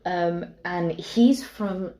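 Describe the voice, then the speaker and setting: Chatty young woman, lowish voice. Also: drawn-out words, warm tone. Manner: chatty, anecdotal storytelling with many fillers. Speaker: podcast co-host. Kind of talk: casual chat.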